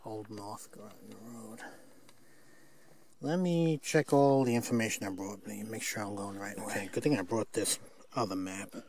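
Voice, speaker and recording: A man's voice: on the low side, moderate pace, darkish tone. An older man filming himself on a forest trail, rambling and chuckling at himself in a casual hiking vlog. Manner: rambling, self-mocking, chuckling. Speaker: hiker filming his hike. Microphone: handheld camera mic.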